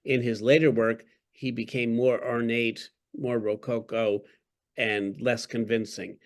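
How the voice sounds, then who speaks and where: A man with a mid-range voice speaks a little slowly and with flat delivery. He's an author guesting on a podcast, telling stories during the interview in an articulate, wry way, chuckling along.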